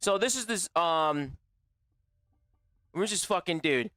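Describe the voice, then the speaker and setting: A young man chatting casually with his stream viewers, animated and profane, full of slang. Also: high-pitched, takes it slowly, no room sound, clean studio sound. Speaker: gaming livestreamer.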